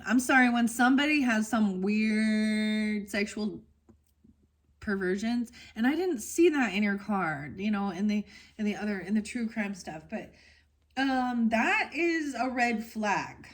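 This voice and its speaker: A woman's voice: on the high side, lively intonation, measured pace. A woman giving a casual tarot reading to her viewers, rambling and frank, going off on tangents. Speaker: tarot reader.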